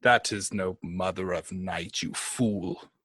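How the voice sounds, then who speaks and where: A man voicing a menacing dark god who whispers solemn commands to a cultist, speaking slowly and gravely. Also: low voice, no echo, pitched below the performer's own voice, exaggerated voice. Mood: solemn, commanding.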